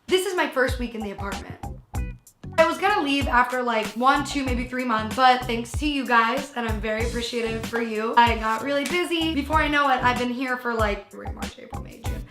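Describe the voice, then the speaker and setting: A woman's voice: a little high, fairly quick, roomy sound, music in the background. A young woman telling a casual storytime, exasperated and venting, with lots of "like". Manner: venting, exasperated, heavy use of "like".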